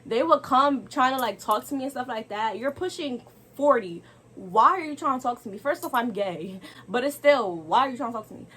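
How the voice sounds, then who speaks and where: A young woman telling a casual storytime to camera, animated and exasperated, throwing rhetorical asides to viewers. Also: a little high, brisk, husky.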